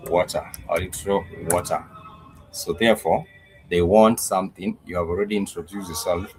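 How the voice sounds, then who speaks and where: A man leads a live-streamed language lesson in a deep, low voice. He works through slow repetition, spelling words letter by letter and pausing on frequent "uh"s. Faint music sits behind him. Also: a little mellow, poor audio. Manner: frequent "uh" fillers. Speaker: Swahili teacher.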